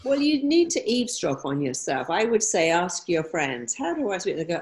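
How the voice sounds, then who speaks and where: A woman answering interview questions, lively and acting out quoted phrases. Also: fairly low pitch, moderate pace, hardly any pauses, poor audio. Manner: animated, acts out quoted phrases. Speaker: therapist guest.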